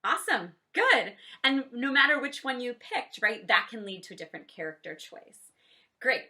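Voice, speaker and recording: A woman teaching a children's drama lesson online, cueing exercises with "ready, set, go" and demonstrating high, low and silly voices. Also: bright, forceful tone.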